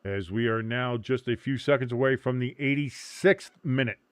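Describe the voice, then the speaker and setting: A man calls a live match for his stream, joking and swearing freely between plays. His voice sits at an ordinary middle pitch. The sound is dry and close, with little room around it. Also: normal speed, clean tone, no echo. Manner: loose, joking and profane. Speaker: watch-along host. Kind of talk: casual live game commentary.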